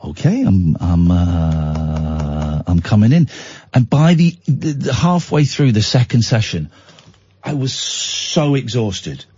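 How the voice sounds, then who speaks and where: A man on talk radio, rambling through a self-deprecating story with lots of restarts and a lively, swooping delivery. His voice is husky and a little high, and he sounds worn out. The studio sound is dry but dull and muffled. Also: slow pace, dry recording. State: tired out. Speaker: radio show host.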